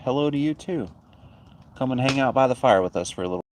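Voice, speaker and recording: A man's voice: mid-range voice, expressive, fast talker, noisy background. A man hosting a casual livestream chat outdoors by a backyard bonfire, talking in an easygoing, rambling way and chuckling often. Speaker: livestream host. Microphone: phone.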